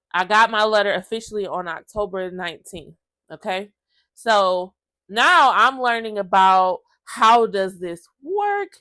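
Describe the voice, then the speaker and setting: A woman vlogger talks straight to her viewers in a chatty, heartfelt way, emotion close to the surface. Her voice sits in a middle range and sounds dry and close, with no room echo. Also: mid-range voice. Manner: emotional, lively storytelling that acts out other people's lines; chatty, addresses viewers as y'all. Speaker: vlogger sharing her own story. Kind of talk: casual personal storytelling to camera.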